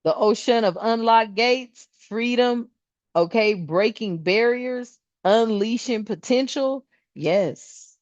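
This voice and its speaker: A woman's voice: fairly high pitch, takes it slowly, darkish tone, no echo, muffled recording. A woman doing a casual spiritual tarot card reading, chatty and emphatic, with slangy asides and frequent laughs.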